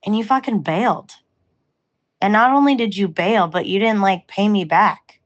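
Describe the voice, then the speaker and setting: A woman's voice: medium pitch, normal speed, lo-fi sound. A young woman speaking straight to an ex in a candid monologue, blunt and emotional, swearing freely. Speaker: vlogger.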